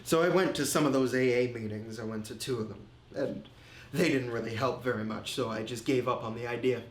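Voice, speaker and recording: An actor playing a remorseful man confessing his drinking and insecurity, telling it slowly and haltingly in a film monologue. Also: medium pitch, natural voice. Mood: reflective. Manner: slow, halting, reflective storytelling. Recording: roomy echo.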